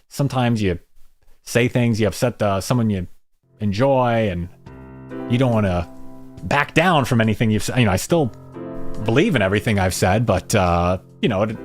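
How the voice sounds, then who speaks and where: Male live-stream host, rambling and joking, lively mid-range voice, faint music underneath. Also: on the low side. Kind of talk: casual live-stream chat.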